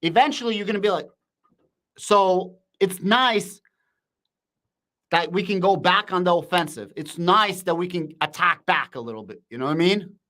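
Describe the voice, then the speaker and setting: A man hosting a live stream, shouting with excitement in casual slang and answering viewers' comments. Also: high-pitched, fast, hardly any pauses. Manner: shouting, hyped, slangy, reads chat aloud.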